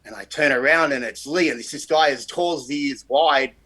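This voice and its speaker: An Australian man telling stories as a guest on a chat show, animated and swearing freely. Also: medium pitch, brisk, breathy edge, low-quality recording. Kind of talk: casual storytelling chat.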